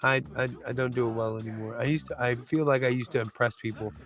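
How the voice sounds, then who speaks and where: A man's voice: mid-range voice, steady tone, fast talker, fairly bright tone. A man who reviews movies chats casually through a countdown, rambling loosely, restarting and groping for names.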